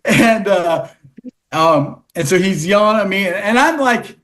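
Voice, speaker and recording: A man telling stories as a podcast guest, rambling with many restarts and fillers, and growing animated as the events unfold. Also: high voice, a little slow. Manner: animated when recounting events. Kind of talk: casual storytelling.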